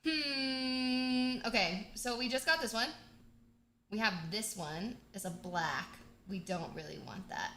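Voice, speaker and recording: A woman hosting a casual game livestream, chatty and bubbly with excited outbursts. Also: fairly high pitch, takes it slowly. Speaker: livestream host. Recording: echoey room.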